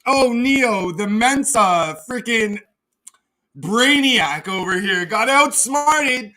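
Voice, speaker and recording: Mocking high-voiced man ranting on a stream. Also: animated, takes it slowly, sharp tone. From Canada. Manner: mocking, profane, laughs at his own jabs. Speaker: live streamer. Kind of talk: casual ranting livestream chat.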